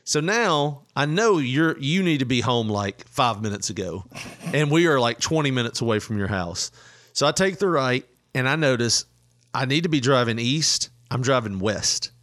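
A middle-aged man spins a story in a relaxed, chatty way, breaking into laughter often. His voice sits at an ordinary pitch, and he slips into other voices when he quotes. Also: moderate pace. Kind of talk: casual storytelling chat.

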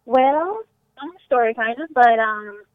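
A woman from Texas, a guest in a casual interview, relaxed and a little shy, often laughing. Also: fairly high pitch, a little slow, dry recording. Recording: tinny phone-like call line.

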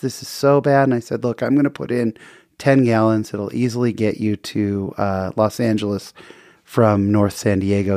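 A man's voice: medium pitch, a little mellow, dry recording, studio quality. Earnest man telling a personal story. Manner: earnest, conversational, with small restarts. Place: hotel near San Diego, in the story.

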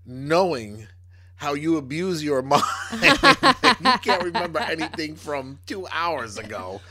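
A man's voice: a little high, big pitch swings, slow, crowd noise. A man co-hosting a podcast in casual chat, joking and laughing often. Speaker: podcast co-host.

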